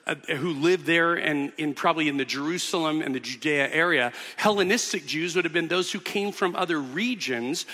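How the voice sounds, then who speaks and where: A man's voice: fairly high pitch, moderate pace, few pauses, sharp tone, big-room sound. A man preaching a sermon as pastor, teaching earnestly with emphatic repetitions in a church auditorium.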